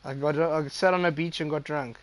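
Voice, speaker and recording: A man's voice: on the high side, steady tone, a little fast, no echo. A young man talks loosely over his gameplay stream. He swears freely and breaks into laughter often. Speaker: gaming streamer. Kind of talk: casual stream chat.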